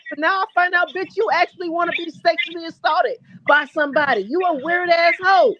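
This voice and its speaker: High-voiced woman ranting on a livestream. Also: brisk, few pauses, lo-fi sound. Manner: profane, blunt ranting. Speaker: livestream co-host. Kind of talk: heated live-stream commentary.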